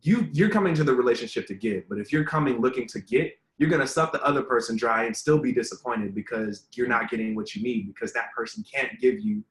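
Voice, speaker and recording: A man's voice: mid-range voice, fast, few pauses. Earnest rambling man in a roomy room. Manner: earnest, rambling, many fillers. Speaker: relationship content creator, guest. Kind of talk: casual interview answers. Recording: roomy echo.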